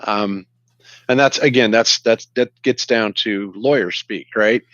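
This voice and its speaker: A man's voice: on the low side, unhurried, fairly bright tone, no echo, lo-fi sound. A man co-hosting a podcast, rambling with hesitations and restarts. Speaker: podcast co-host. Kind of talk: casual chat.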